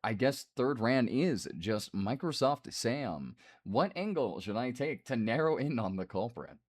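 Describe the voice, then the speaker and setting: A man streaming a game, reading the dialogue aloud and breaking off for quick asides. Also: mid-range voice, big pitch swings. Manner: reads the game's lines aloud with asides.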